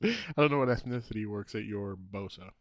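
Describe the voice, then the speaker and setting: A man's voice: lowish voice, fairly quick, a crowd in the background. A man co-hosting a casual podcast, telling a story with lots of restarts, trailing off and laughing. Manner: rambling storyteller, laughs often, trails off mid-sentence. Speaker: podcast co-host. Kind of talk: casual chat.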